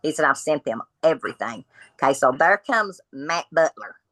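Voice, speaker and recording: A woman's voice: sits low, normal speed, no echo, low-quality recording. A woman, a podcast guest telling her story from home, bluntly acting out what each person said. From Kentucky. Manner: blunt, animated retelling of dialogue.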